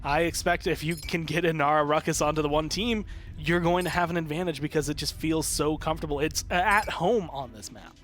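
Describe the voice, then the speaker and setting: Higher-voiced analytical male co-caster. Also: fairly bright tone, soft background music. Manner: measured, analytical, with dry asides. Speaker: esports co-caster. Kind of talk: live esports commentary.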